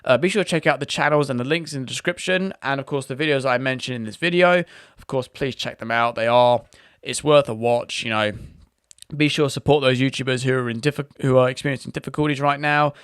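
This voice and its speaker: A man's voice: medium pitch, fairly quick, fairly bright tone, clear, resonant tone, no echo, clean studio sound. A British man hosting a casual online video, talking in a chatty, rambling way with frequent restarts. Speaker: YouTube host. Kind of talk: casual commentary.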